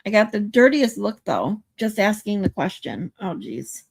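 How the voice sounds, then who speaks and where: This livestream host has a sing-song, mid-range voice with vocal fry and speaks a little slowly. She chats playfully, reading out viewer comments and trying her hand at pronunciations.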